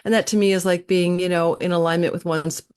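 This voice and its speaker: A woman guest on a live online chat, telling a story in an animated way with uh and um fillers. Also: on the low side, fast talker, clear, resonant tone. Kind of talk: casual storytelling on a live stream.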